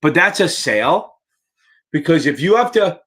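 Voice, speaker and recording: Speaking at normal speed, this slightly high-pitched man has big pitch swings and a fairly bright tone with a breathy edge. He's casually teaching securities-exam prep on a live Q&A stream, bluntly and profanely, tired and yawning, addressing viewers as baby.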